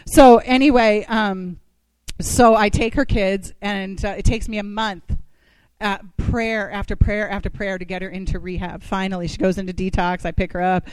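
A woman giving a personal testimony talk to a church community. She tells her story with lively asides and rhetorical questions. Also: medium pitch, moderate pace, smooth, no room sound, rough recording.

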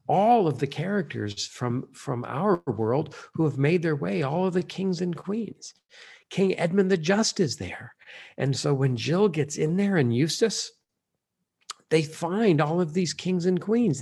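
A man with a gravelly, husky voice reads passages from a novel and reflects on them like a preacher. He sometimes sinks into a breathy whisper between his readings. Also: medium pitch, lively intonation, a little slow, darkish tone. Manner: reads quotes aloud, drops to an unvoiced whisper at times.

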